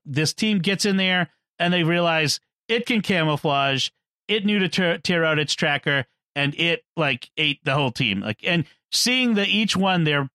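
A man's voice: fairly high pitch, pushed and bright, dry recording, studio quality. A man in a casual film discussion, retelling the plot, acting out the characters' lines and laughing often. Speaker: podcast co-host.

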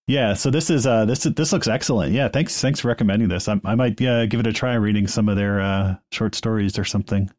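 A man's voice: fairly low pitch, fairly quick, few pauses, a little mellow, no room sound, studio quality. A man co-hosting a casual podcast, chatty and self-deprecating as he describes a hobby. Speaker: podcast co-host. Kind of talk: casual panel chat.

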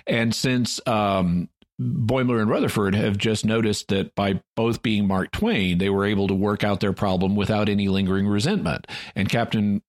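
Lower-voiced man recapping a show. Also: fairly even intonation, moderate pace, no echo, studio quality. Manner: storytelling with frequent restarts and acted-out quotes. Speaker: podcast co-host. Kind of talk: casual chat, recapping an episode.

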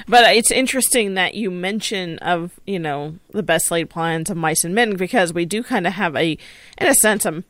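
A woman hosts a casual podcast in a somewhat low voice. She talks chattily, circling back with fillers and restarts. The sound is dry and close. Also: no room sound. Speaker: podcast host.

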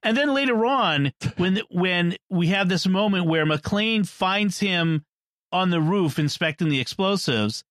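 A man with a voice sitting a little high for his sex talks through a film in a casual, chatty way. He laughs often and restarts sentences mid-thought. The sound is dry and close, with no room around it. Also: expressive, measured pace, a bit bright, dry recording. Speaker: podcast co-host. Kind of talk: casual movie discussion.

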